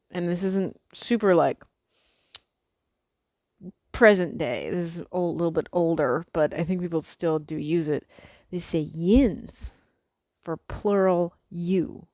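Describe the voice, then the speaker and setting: A woman's voice: low voice, a little mellow, dry recording, clean studio sound. A young American woman talking casually in a rambling vlog, with many fillers and casual swearing. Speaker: vlogger.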